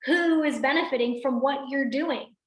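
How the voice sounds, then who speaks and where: Her pitch high and her pace normal, this woman sounds roomy as she coaches a team through a motivational video-call training. She's energetic, talks directly to the group, and repeatedly checks in by asking "right?"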